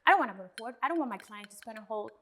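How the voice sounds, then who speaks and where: Bright, high-voiced woman lawyer. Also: expressive, very fast. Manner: emphatic, mixes in Spanish phrases. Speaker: attorney and podcast co-host. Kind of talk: casual podcast chat.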